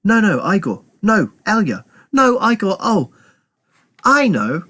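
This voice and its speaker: A man reading aloud and voicing a scatterbrained young village girl in a high, breathless, dithering voice. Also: wildly swooping pitch, takes it slowly, bright, forceful tone, heavily acted. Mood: flustered.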